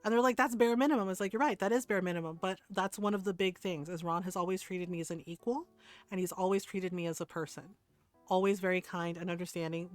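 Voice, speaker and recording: A woman's voice: lowish voice, no room sound. A middle-aged woman streaming a game, chatting casually, telling stories, quoting people and laughing often. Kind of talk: casual chat while gaming.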